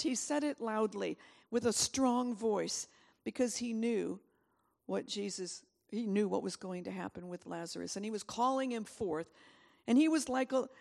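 A woman preaching a sermon, telling a story with lively asides and laughter. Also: fairly high pitch, vocal fry. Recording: long hall reverb.

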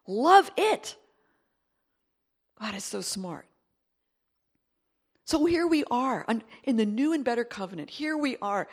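Animated middle-aged woman preaching. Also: high voice. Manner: animated, swinging between loud emphatic bursts and quiet confiding asides. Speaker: preacher giving a testimony. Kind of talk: sermon testimony.

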